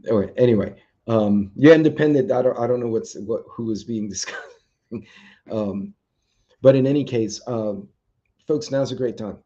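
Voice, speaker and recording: Speaking at a normal pace in a warm, mid-range voice, a livestream host chats loosely with viewers and reads their comments, rambling with plenty of ums. The stream audio is dull and lo-fi.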